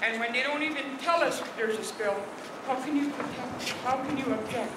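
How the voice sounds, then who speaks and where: High-voiced woman giving an impassioned rally speech. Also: normal speed. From Alberta, Canada. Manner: emphatic, repetitive, indignant. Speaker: First Nation leader. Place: outdoor rally in cold weather. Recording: echoey, distant, noisy outdoor crowd ambience.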